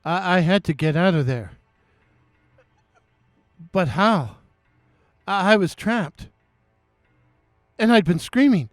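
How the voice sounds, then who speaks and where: A man narrates a creepy first-person story, slow and deliberate, full of nervous stops and restarts. His voice sits high and sounds smooth and clear. The recording is close and dry. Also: animated, dry recording, soft background music. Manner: dramatic, halting, with nervous restarts.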